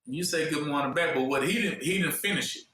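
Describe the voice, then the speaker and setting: A man preaching a sermon, posing questions and pausing for listeners to fill in the answer. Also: on the high side, sharp tone. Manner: call-and-response questions, fill-in-the-blank pauses. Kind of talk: sermon teaching. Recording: echoey room from far off.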